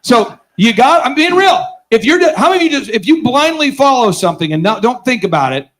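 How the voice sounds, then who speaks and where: Hosting a business conference, a man with a very high voice tells a story a little fast, full of sarcasm and energy. He acts out the voices of his characters and quizzes the audience during this live seminar storytelling.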